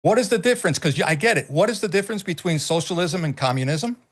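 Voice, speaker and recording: A man's voice: sits high, lively intonation, fast. A middle-aged man co-hosting a casual political talk stream, emphatic and swearing freely, often repeating himself. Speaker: co-host.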